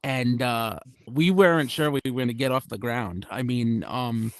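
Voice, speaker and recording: A man's voice: medium pitch, moderate pace, no room sound. A man doing a stand-up comedy set at a club, rambling and self-deprecating with many restarts and asides. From United States.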